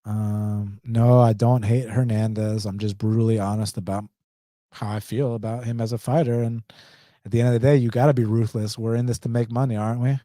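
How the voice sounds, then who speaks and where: Man, Atlanta accent, live stream host, blunt and slangy, mellow tone. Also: mid-range voice, little pitch movement, brisk, no room sound, clean studio sound.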